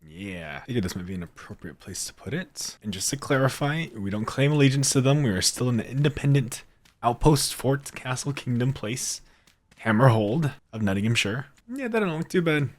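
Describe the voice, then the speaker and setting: With an expressive mid-range voice at normal speed, this man streams a game and talks casually throughout. He reads in-game notes aloud, laughs a lot, and often restarts what he's saying.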